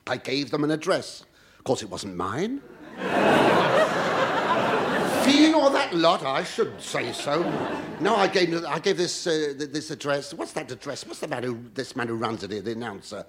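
A man's voice: on the high side, very animated, unhurried. A man doing a camp, theatrical, mock-indignant stand-up comedy monologue on a TV studio stage. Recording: noisy old broadcast recording.

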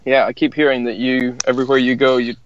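A Scottish man tells stories in a relaxed, rambling, self-deprecating way as a podcast guest. His voice is mid-pitched and the sound is a little dull. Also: fast talker. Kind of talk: casual storytelling chat.

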